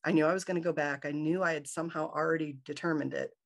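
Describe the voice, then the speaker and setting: A woman's voice: low voice, fairly even intonation, fast talker, vocal fry. A woman guest in an interview, telling a personal story with animation and acting out the dialogue in a raised voice.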